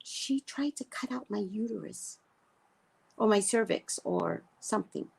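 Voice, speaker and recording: A woman who works as a psychic, telling a story in a casual, profane way and swinging between loud and hushed. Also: mid-range voice, measured pace, gravelly, husky.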